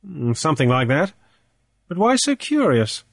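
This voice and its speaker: A man doing a gruff, dangerous sea captain. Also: on the high side, sing-song, normal speed, dry recording, studio quality, pitched above the performer's own voice, heavily acted. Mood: guarded, blunt. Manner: gruff and blunt. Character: hard, dangerous adult male sea captain. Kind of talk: audiobook character voice.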